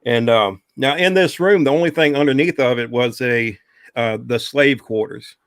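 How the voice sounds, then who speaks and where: A man's voice: medium pitch, normal speed, clean tone, dry recording, studio quality. A man telling a long personal ghost story in a casual, rambling way, with many fillers.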